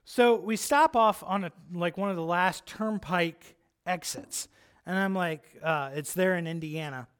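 A man preaching, telling a personal story in an animated, chatty way, with lots of "like" and "right?". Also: high-pitched, measured pace, smooth. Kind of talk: storytelling sermon.

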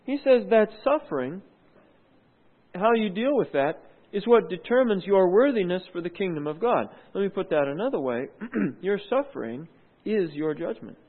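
High-voiced male preacher on a tinny line. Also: very animated, normal speed. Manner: conversational, asks rhetorical questions; clears throat often. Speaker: pastor. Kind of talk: sermon. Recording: tinny phone-like sound.

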